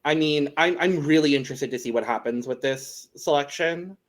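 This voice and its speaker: A podcast co-host with a somewhat high voice talks at a moderate pace, chatting casually and laughing a lot as he brings the episode to a close.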